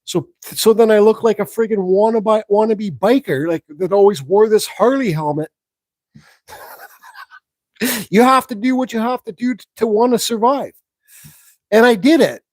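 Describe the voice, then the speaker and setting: A man with a fairly high voice rambles through a story on a live stream, frank and loose with his swearing. The sound is close and dry, with no room around him. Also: normal speed, pauses often, a little mellow, no room sound, rough recording. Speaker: woodcarving channel host.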